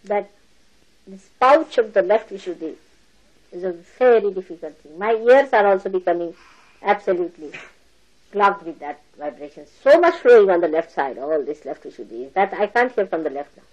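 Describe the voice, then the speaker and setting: An older woman giving a spiritual talk to followers, animated and laughing, mimicking people as she speaks. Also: mid-range voice, normal speed, highs cut off. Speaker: spiritual teacher. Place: lecture hall.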